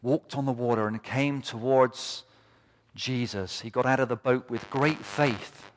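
A man with a mid-range voice preaches unhurriedly to his congregation, growing impassioned and building to fervent repeated cries. The recording carries the long reverb of a large hall.

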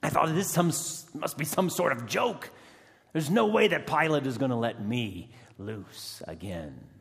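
A rough, emotional rebel prisoner, voiced by a man, tells his story in a slow, gravelly first-person monologue. He swings from hushed words to loud outbursts, with dramatic pauses between them. The voice rings with the long reverb of a large hall. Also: medium pitch, expressive. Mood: intense.

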